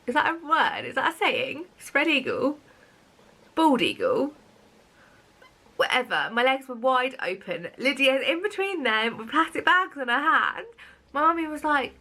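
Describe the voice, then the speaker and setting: A woman's voice: fairly high pitch, animated, normal speed, pushed and bright. Giggly young Englishwoman telling a story. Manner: giggly, breathless, chatty storytelling with frequent laughs. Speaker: vlogger. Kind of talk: casual storytelling to camera.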